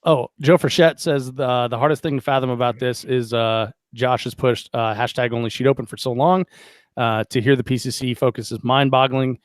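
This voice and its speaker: A man hosting a casual podcast interview, relaxed and chatty, reading out listener comments and asking long questions. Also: medium pitch, moderate pace, no echo. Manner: relaxed, chatty, reads live chat aloud. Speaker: podcast host.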